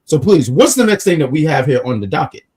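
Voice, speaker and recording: A man co-hosting a wrestling review show, excitable and joking, saying he gets worked up. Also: a little high, fast, breathy edge. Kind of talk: casual show review chat.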